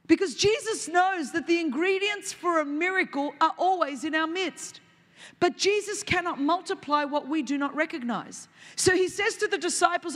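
A woman in her forties preaching a sermon, animated and humorous, acting out dialogue as she goes. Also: sits high, moderate pace, big-room sound. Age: 40s.

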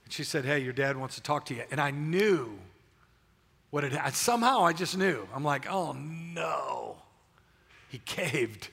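In a big church with long, echoing reverb, an older man preaching gives a frank personal testimony, frequently starting sentences over. He is a pastor whose slightly high, fairly bright voice is expressive and a little fast.

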